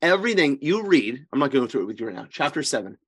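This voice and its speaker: Emphatic priest teaching scripture. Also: male voice, medium pitch, sing-song, fast talker, fairly bright tone, slightly rough. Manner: emphatic, often checks in with "right?" and "okay?"; restarts and corrects himself mid-sentence. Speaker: priest leading a Bible study.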